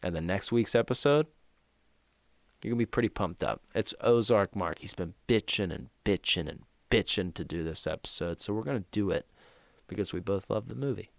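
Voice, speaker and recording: A man's voice: on the low side, normal speed, gravelly, dry recording. A middle-aged man co-hosting a horror movie podcast, joking and rambling with crude, profane humor. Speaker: podcast co-host. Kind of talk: casual crude chat.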